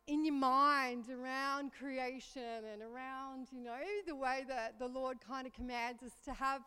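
A woman's voice: high voice, measured pace, smooth. A woman in her fifties telling a self-mocking story in a chatty church talk. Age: 50s. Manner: chatty, self-mocking, animated when recounting panic. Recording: reverberant hall.

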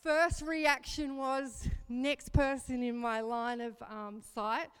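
Speaking slowly in a clean, high-pitched voice, a woman in her fifties gives a chatty church talk built around a self-mocking story. Recalling her panic livens her up, and the room is a reverberant hall.

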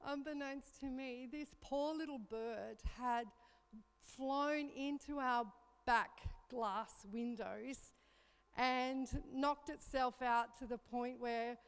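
In a chatty church talk, a woman in her fifties tells a self-mocking story, getting animated when she recounts her panic. Her voice sits high, slow and clean, and a reverberant hall colors the recording.

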